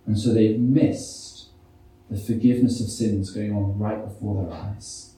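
A man's voice: on the low side, fairly even intonation, measured pace, dark tone. A man preaching a sermon, reading scripture and putting many rhetorical questions to the congregation. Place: church. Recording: echoey church hall, mic from a distance.

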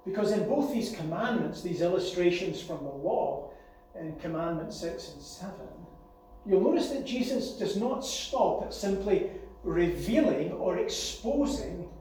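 A man's voice: high voice, animated, a little slow, dark tone. A man preaching a sermon as pastor, earnest and at times rising to a raised, urgent warning. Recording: distant echoey church hall with faint hum.

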